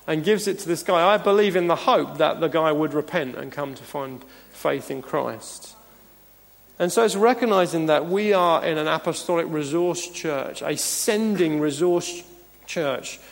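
Speaking unhurriedly with vocal fry, a man whose voice is a little high preaches a sermon as pastor. He is earnest and emphatic, chuckling now and then between points, and the church hall setting gives long reverb.

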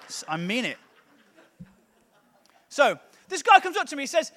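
A man's voice: very high-pitched, big pitch swings, fairly quick, pauses often, sharp tone. A man, a comedian preaching a comic sermon in a playful, self-mocking way.

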